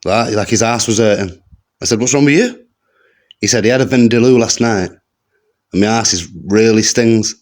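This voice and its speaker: A man with a West Midlands accent doing a stand-up set of one-liners in a deadpan, slangy way. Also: fairly low pitch, normal speed. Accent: West Midlands English. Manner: deadpan delivery with slangy asides. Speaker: stand-up comedian. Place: comedy venue stage with live audience. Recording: live gig with faint crowd and noise. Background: audience laughter.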